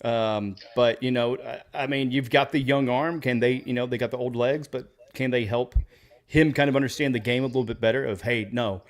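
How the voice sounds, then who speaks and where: A man's voice: mid-range voice, steady tone, fairly quick. A man from Oklahoma hosting a podcast, chatting casually about football with loose, profane jokes while having a drink. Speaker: podcast host. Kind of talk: casual sports podcast chat.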